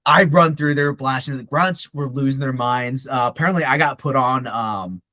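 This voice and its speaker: A young man telling a profane, animated story in casual talk, often acting out the voices of others. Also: mid-range voice, normal speed, dry recording. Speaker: podcast guest.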